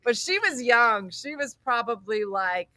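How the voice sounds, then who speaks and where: A middle-aged woman hosting a morning comedy show, telling a story with animated acted-out voices. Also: a little high, measured pace. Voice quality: animated, acts out voices in stories.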